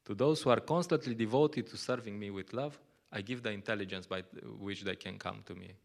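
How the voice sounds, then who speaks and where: Gravelly man giving a scripture class. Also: on the low side, brisk. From Slovenia. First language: Slovenian. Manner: conversational, laughs often, acts out little quotes. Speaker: lecturer at a temple.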